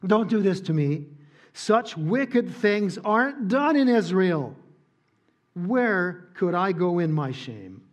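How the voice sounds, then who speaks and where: A desperate, clear-minded young woman pleads urgently, put on by a man preaching. Her voice lifts higher than his usual talk and strains with urgency. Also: big pitch swings, slow, heavily acted. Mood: pleading.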